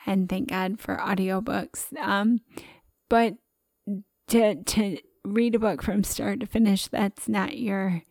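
A woman co-hosting a casual talk show, speaking in a chatty, expressive way and laughing often. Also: medium pitch, slow pace, creaky, no echo, studio quality. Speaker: podcast co-host. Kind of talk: casual conversation.

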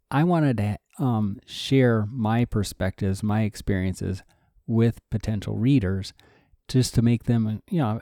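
A man co-host with a low, mellow voice who speaks thoughtfully, often pausing on fillers. The recording is dry and close to the mic, with no room around him. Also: dry recording. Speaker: podcast co-host and writer. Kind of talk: casual conversation.

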